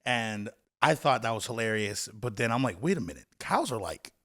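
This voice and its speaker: Relaxed man from Hawaii chatting. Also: fairly low pitch, normal speed. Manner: relaxed, laughing, rambling asides. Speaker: podcast co-host. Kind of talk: casual chat.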